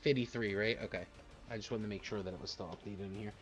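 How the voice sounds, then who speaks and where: A man's voice: fairly low pitch, level tone, quick pace, soft background music. A man narrating as dungeon master on a live-streamed tabletop game, casual and rambling with fillers.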